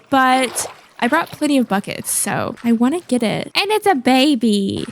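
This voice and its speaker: A woman's voice: high-pitched, moderate pace, creaky. A woman hosting a gaming video, chatting casually and thinking aloud as she plays. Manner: chatty, thinks aloud, squeals excitedly at cute finds. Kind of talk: casual gameplay commentary.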